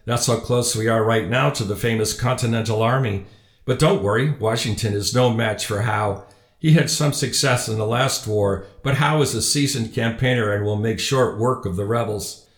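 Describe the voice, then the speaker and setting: A man's voice: medium pitch, normal speed, roomy sound, lightly acted. A man voicing a stern, sardonic middle-aged neighbor in a storybook reading. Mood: confident.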